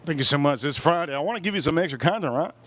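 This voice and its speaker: A man's voice: a little high, lively intonation, very fast, a bit bright. A man hosting a casual livestream while drinking, rambling, repeating himself, and cracking crude jokes. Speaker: livestream host.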